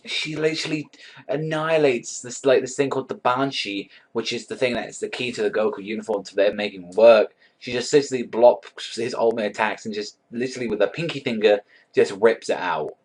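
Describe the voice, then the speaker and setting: A man's voice: mid-range voice, fairly quick. A man giving a casual, rambling anime episode review, swearing often and filling his talk with likes and ums. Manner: rambling, swears a lot, many likes and fillers. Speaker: anime reaction vlogger.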